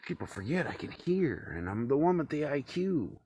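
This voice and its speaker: A man ranting alone to camera in a cold room at home, swearing freely and swinging between loud outbursts and low muttering. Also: big pitch swings, normal speed, slight background noise. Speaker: vlogger. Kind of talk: rambling solo rant to camera.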